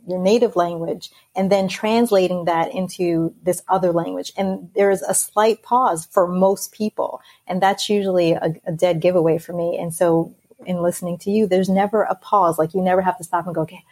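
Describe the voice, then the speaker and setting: Breathy-voiced woman hosting a chatty interview. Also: lowish voice, normal speed. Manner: laughs often, lively and friendly. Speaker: podcast host. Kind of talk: casual interview chat.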